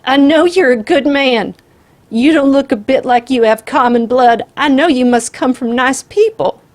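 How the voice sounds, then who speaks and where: A woman voicing a frantic elderly grandmother who shrieks and pleads in a high, desperate voice. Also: moderate pace, darkish tone, lightly acted. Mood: pleading.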